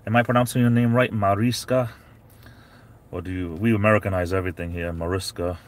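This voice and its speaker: A man from New England livestreams from his parked SUV, talking fast in a lowish, steady-toned voice. He rambles comfortably and calls out his viewers individually by name.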